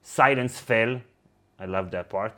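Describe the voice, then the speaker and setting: A man's voice: on the low side, takes it slowly, fairly bright tone. Chatty man co-hosting a book talk. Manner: enthusiastic, chatty, with many fillers. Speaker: book discussion co-host. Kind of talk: casual chat, reading a novel aloud.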